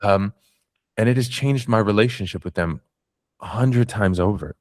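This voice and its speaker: A man's voice: lowish voice, moderate pace, darkish tone, no room sound. A man hosting a casual conversation, earnest and loose, with casual swearing. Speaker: podcast host.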